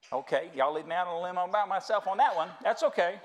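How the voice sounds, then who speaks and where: A man's voice: high voice, quick pace. A middle-aged American man preaching a sermon in church, folksy and storytelling, calling the congregation y'all. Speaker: pastor. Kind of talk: sermon with humor. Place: church sanctuary.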